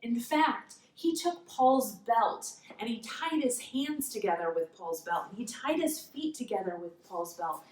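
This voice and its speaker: A woman's voice: on the high side, expressive, a little slow, hardly any pauses, darkish tone. A woman telling a Bible story to preschool children in simple, patient words as their teacher. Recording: roomy echo, mic far off.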